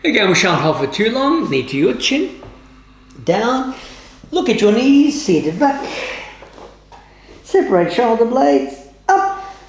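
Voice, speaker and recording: A woman yoga teacher giving calm, measured instructions with formal, old-fashioned phrasing during a guided class. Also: a little high, slight background noise. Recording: roomy, echoey room.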